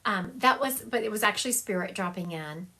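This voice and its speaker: A woman's voice: medium pitch, expressive, brisk, pushed and bright, a little hiss or hum. A woman psychic medium doing a livestream reading over a phone, chatty, laughing often and acting out what spirits say.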